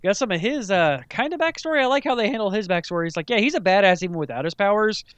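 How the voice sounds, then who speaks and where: A playful man chatting as a podcast co-host, laughing often. His voice sits a bit high and swings widely in pitch. It is smooth and clear, recorded dry and close. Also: fast, no echo. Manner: giggly, animated, playful. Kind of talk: casual chat.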